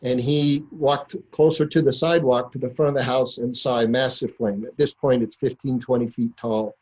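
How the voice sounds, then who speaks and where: A middle-aged man with a mid-range voice tells a personal story to a listener. He speaks in an earnest, unhurried way, pausing often and using fillers as he goes. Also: mid-range voice, fairly even intonation, darkish tone, poor audio. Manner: unhurried, earnest retelling with many pauses. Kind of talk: personal anecdote told to a listener.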